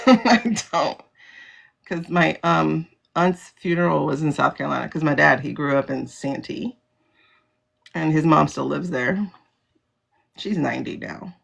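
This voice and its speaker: A woman's voice: low-pitched, vocal fry, breathy edge. A woman hosting a casual livestream, talking bluntly and animatedly, laughing often and swearing freely. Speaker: livestream host. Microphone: phone livestream.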